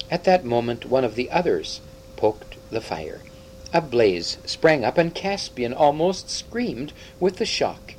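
A man narrating a storybook aloud with expressive, dramatic delivery. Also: medium pitch, a little hiss or hum, rough recording. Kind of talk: audiobook storytelling.

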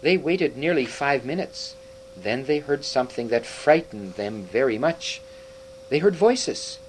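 A man reading a children's storybook aloud as narrator, in an expressive read-aloud manner. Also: medium pitch, measured pace, a little hiss or hum, rough recording.

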